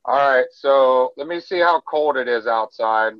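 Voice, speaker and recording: A man's voice: medium pitch, measured pace, dry recording, dull audio. A father chatting playfully with his daughter on a phone video, grumbling dramatically. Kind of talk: casual family vlog chat. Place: family home, stepping outside into snow at night. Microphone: handheld phone camera.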